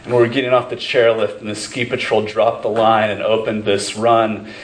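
A man's voice: lowish voice, little pitch movement, moderate pace, roomy sound, rough recording. A man preaching a sermon as pastor, telling personal stories in a conversational way with many fillers and restarts. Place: church sanctuary.

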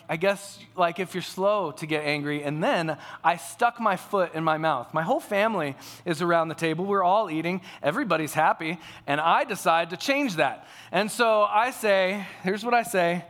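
A man's voice: high voice, normal speed, fairly bright tone. A man preaching a sermon to a congregation, telling a family story in a conversational way. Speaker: pastor.

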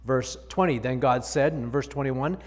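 A man's voice: mid-range voice, normal speed, big-room sound. A male pastor preaching a sermon, reading scripture aloud and explaining it with emphatic repetition.

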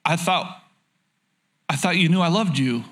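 A middle-aged male pastor preaching a sermon, earnest, dropping to soft low pleading and rising into urgent exhortation. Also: measured pace.

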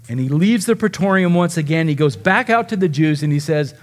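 A male pastor preaching a sermon, animated and dramatizing the words of the figures he describes. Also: a little high, a little fast, few pauses.

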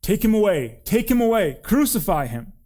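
A man reading the lines of an angry crowd in a raised, shouting voice. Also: sits high, big pitch swings, normal speed, pitched above the performer's own voice.

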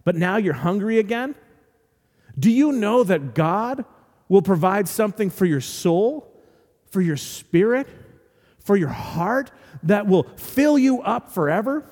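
Man doing an earnest male teacher, higher voice, long hall reverb. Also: expressive, measured pace, a little mellow. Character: calm, earnest male teacher speaking to a crowd.

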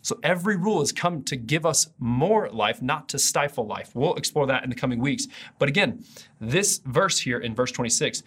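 A man's voice: mid-range voice, lively intonation, moderate pace, a bit bright, slightly rough. A man preaching an earnest, conversational video sermon as a pastor.

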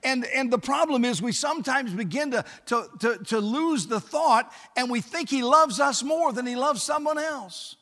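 A man preaching a sermon as pastor. He pleads earnestly and grows gradually quieter and gentler toward the end. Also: very high-pitched, expressive, moderate pace, few pauses. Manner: impassioned, then softening to a hushed close. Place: church sanctuary. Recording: church sanctuary with long reverb.

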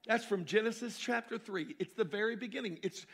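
A man preaching a sermon to his congregation, repeating key phrases and swinging between loud emphasis and quieter asides. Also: high voice, brisk, creaky, hardly any pauses. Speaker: pastor.

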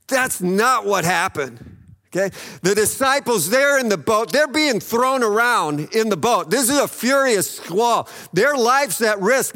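A man's voice: high voice, expressive, unhurried, pushed and bright, long reverb tail. A man preaching a sermon, retelling a Bible story in a conversational way, often checking in with "okay?" and acting out the voices in it. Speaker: pastor.

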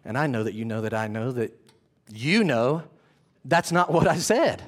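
A preacher speaking as a calm, composed teacher with a low, quiet, steady delivery. He stays unhurried and even. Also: natural voice. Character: calm, composed ancient teacher, adult man.

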